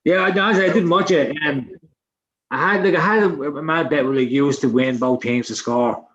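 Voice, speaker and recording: A man's voice: on the high side, moderate pace, fairly bright tone. A man co-hosting a casual football podcast, rambling with lots of fillers and frequent swearing. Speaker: podcast co-host. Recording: dull lo-fi sound.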